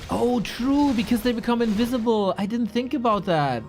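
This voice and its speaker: Woman, esports caster, live play-by-play, high energy, shouts on big plays. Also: normal speed, soft background music. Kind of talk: live game commentary.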